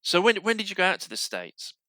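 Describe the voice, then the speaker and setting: A podcast host from Yorkshire with a softened Yorkshire accent, chatting casually and interviewing a guest with frequent restarts and fillers. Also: male voice, high-pitched, wildly swooping pitch, fast, no echo. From Yorkshire, England.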